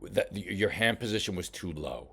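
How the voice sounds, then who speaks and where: A man coaching a boxer while reviewing fight footage, talking casually with many halting restarts. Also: deep voice, animated, fairly bright tone, husky. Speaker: boxing coach. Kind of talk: film study commentary.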